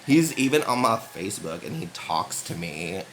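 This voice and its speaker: A man's voice: lowish voice, heavy background noise. A young American man telling a rambling comic story in casual chat, full of "like" fillers and laughs.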